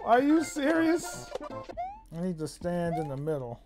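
A young man streaming a game live, chatting with viewers, laughing often and yelling when surprised. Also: high-pitched, wildly swooping pitch, unhurried, over music. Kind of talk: casual live-stream commentary.

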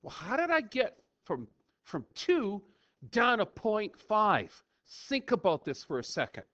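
A man's voice: sits high, unhurried, no room sound. A man teaching a screen-recorded math lesson in a playful, chatty way, thinking aloud as he works through the problem. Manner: playful, animated, talks to himself while working. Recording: dull lo-fi dry recording.

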